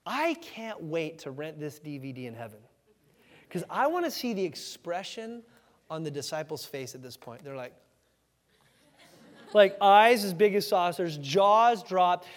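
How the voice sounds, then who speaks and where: Casual high-pitched pastor guy, super animated, echoey church hall. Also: measured pace. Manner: animated, conversational, acts out quoted voices with shouts. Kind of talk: sermon. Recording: hall reverb.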